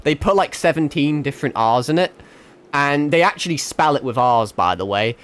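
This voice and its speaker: With a mixed northern English accent, a young man from England chats casually with his stream as he games, pitching his voice on the high side. He's animated, fairly bright in tone and moderately paced, rambling with plenty of laughs and swearing while faint music runs in the background.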